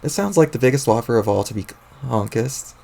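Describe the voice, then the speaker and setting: A man's voice: mid-range voice, lively intonation, fairly quick, gravelly, mellow. A man voicing a bubbly young female sea troll in a raised, sweet and puzzled tone, while reading a webcomic aloud on stream.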